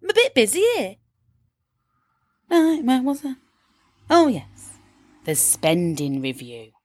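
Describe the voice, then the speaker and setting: A woman's voice: sits high, wildly swooping pitch, takes it slowly, darkish tone, dry recording, full character voice. An actress playing a brash, gushing Yorkshire mother who turns rude in a flash, in a comedy sketch monologue. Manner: gushing, breathless, sudden swearing.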